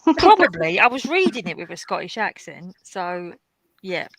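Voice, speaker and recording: A woman's voice: lowish voice, big pitch swings, normal speed, a bit bright, dry recording, rough recording. Lady hosting a live stream, chatty storytelling, dry close mic, no room sound. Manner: chatty and anecdotal. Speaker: host of a live colouring stream. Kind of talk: casual chat.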